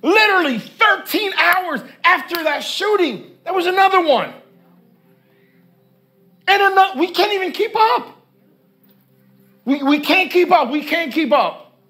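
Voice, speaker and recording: A man with a very high-pitched, sharp voice preaches a sermon in church. He reads scripture, pausing for commentary, and calls on the congregation to answer questions he asks again and again.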